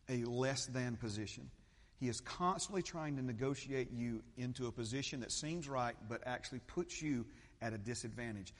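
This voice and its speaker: Preaching man in an echoing hall. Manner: preaching, swings between loud fervent peaks and low steady teaching. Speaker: pastor. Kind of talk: sermon. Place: church sanctuary.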